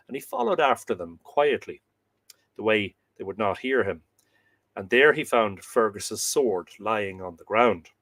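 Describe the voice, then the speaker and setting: A man reads an old myth aloud on his live show, his voice at an everyday middle pitch. The sound is dry and close, with no room echo. He shifts easily from measured reading into relaxed, hesitant asides. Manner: reads aloud, then breaks off into chatty, halting asides. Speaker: podcast host reading myths.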